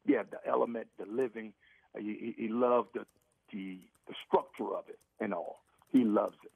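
A middle-aged former NFL receiver, appearing as a guest on a sports radio show, phones in for some casual talk. His voice sits on the low side with a steady tone, vocal fry and a breathy edge, at a normal speed, and he speaks emphatically and repetitively, restarting phrases as he goes. It comes through a tinny phone line, and the recording is completely dry.

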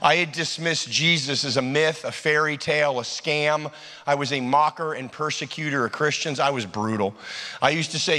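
A man's voice: a little high, moderate pace. Emphatic male preacher in an echoey hall. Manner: emphatic, storytelling with sudden loud and soft turns. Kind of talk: sermon. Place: large church hall.

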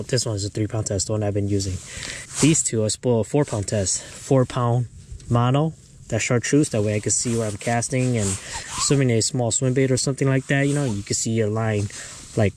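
A man hosting a fishing vlog outdoors, talking casually to viewers and getting excitable and exclamatory over his catches. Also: fairly low pitch, a little hiss or hum. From US Midwest. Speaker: fishing vlogger. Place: outdoors on the ice.

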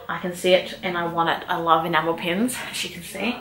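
A young woman vlogger chatting excitedly through an unboxing, gushing and exclaiming, with casual swearing. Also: fairly low pitch, fairly quick, faint music behind. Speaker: book vlogger. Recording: echoey room, faint noise.

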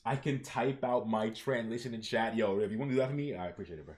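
A man's voice: on the low side, fast talker, a little mellow. A young man streaming a live comic reaction, talking casually with slang and reading the panels aloud.

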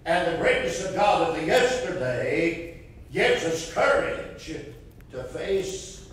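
Slow fervent preacher in echoey church. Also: male voice, a little high, sing-song, fairly bright tone. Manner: fervent, rising to impassioned cries. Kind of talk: sermon. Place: church sanctuary. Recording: roomy echo from far off.

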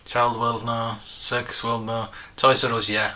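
A man's voice: mid-range voice, little pitch movement, measured pace, bright, forceful tone. A man in his forties, hosting a casual live stream and chatting in a rambling, nostalgic way. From United Kingdom. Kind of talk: casual live-stream chat, reading viewer comments.

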